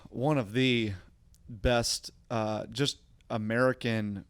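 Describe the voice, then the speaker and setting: A man's voice: mid-range voice, steady tone, slow pace, clear, resonant tone. A man who coaches jiu-jitsu and hosts a podcast, explaining his teaching in casual chat and often repeating words as he thinks.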